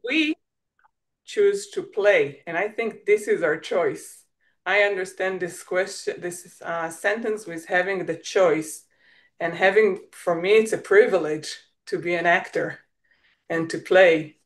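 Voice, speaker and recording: A woman with an Israeli accent, a native Hebrew speaker, talks in a reflective conversation, often pausing and restarting as she looks for words. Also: on the low side. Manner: searching for words, restarts, light laughs. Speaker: guest.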